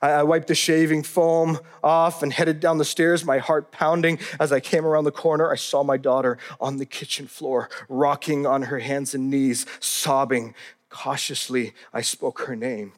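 A man's voice: medium pitch, flat delivery, normal speed. A man narrating a first-person memoir in an earnest, heartfelt storytelling manner.

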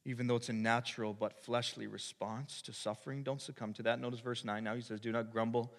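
A man preaching a sermon as pastor, asking the congregation rhetorical questions and swinging from quiet intensity to shouted peaks. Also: mid-range voice, little pitch movement, brisk. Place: church sanctuary. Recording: long reverb of a large hall.

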